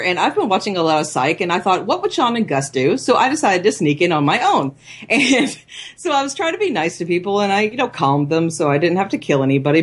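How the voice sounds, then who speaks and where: A woman's voice: lowish voice, breathy edge. A woman co-hosting a podcast, telling rambling game stories in casual chat, chatty and giggly. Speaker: podcast co-host.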